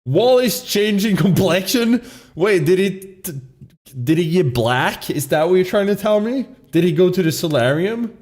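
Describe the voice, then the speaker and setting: A man from Sweden with a Swedish accent, streaming and reacting to a video with loud, incredulous commentary and plenty of swearing. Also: sits high, animated, normal speed.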